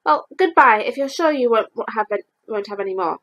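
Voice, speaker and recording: A woman's voice: fairly high pitch, lively intonation, a little fast, a bit bright, low-quality recording. A woman doing a prim, stern rabbit. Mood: polite. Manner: prim, stern, matter-of-fact. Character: fussy, polite male rabbit host. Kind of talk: storybook read-aloud.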